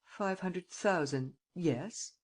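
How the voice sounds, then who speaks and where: A woman's voice: fairly low pitch, extremely slow. A woman reading an audiobook, voicing a wary rich businessman who answers curtly and guardedly. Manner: curt, guarded.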